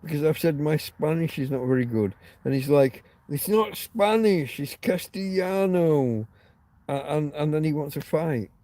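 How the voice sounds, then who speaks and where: A man's voice: fairly high pitch, steady tone, brisk, hardly any pauses, dark tone. A man hosting a casual livestream, rambling through stories and answering viewer comments. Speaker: livestream host.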